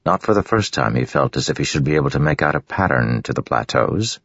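Male audiobook narrator with a gravelly bass voice and a dry, dull sound; reads steadily. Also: fast talker, no room sound. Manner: steady, even storytelling. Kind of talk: scripted fantasy narration.

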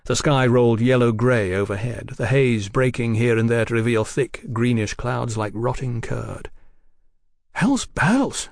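A man narrating an audiobook in an expressive storytelling manner. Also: medium pitch, normal speed, creaky, few pauses, dry recording, studio quality. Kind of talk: scripted narration.

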